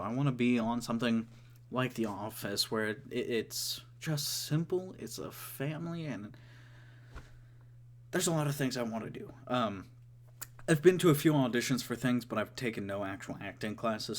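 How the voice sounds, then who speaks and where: Halting, eager young man vlogging. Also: medium pitch. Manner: halting, with many restarts, eager. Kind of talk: casual chat to camera.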